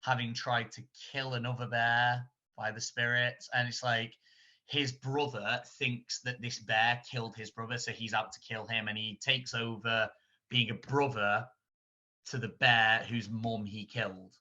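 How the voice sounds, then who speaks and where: A man co-hosting a casual film podcast, rambling and animated as he retells scenes, often laughing. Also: mid-range voice, a little slow. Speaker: podcast co-host. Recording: dull lo-fi sound.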